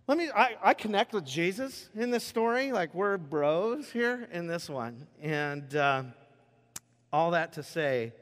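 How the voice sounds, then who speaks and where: A man in his thirties preaching a sermon, telling a self-deprecating personal story with animated delivery and sudden loud outbursts, in a church. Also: on the high side. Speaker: pastor. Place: church sanctuary. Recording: long reverb of a large hall.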